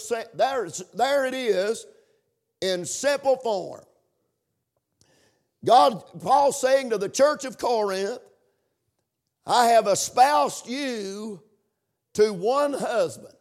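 High-voiced man preaching in a sing-song chant. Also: slow. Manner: chanting, sing-song preaching cadence with call-and-response amens. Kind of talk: sermon.

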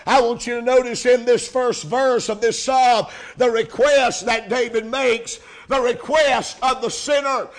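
Male revival preacher, very high voice, slow deliberate delivery, impassioned and shouting. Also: fairly even intonation. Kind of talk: revival sermon.

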